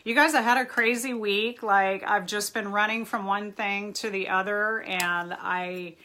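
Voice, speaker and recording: A bright, crisp-voiced woman from Southern California hosts a casual live-stream chat from a library room at home. She is upbeat and hyper, greets viewers by name and laughs often as she talks straight to the camera. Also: mid-range voice, fairly even intonation, measured pace. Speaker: therapist hosting a live chat.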